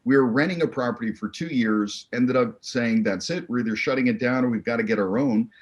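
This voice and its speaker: Easygoing mid-pitched male interview guest. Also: fairly quick, muffled recording. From Arizona. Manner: easygoing, upbeat, confident. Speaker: podcast guest, real estate investor. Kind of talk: relaxed interview talk.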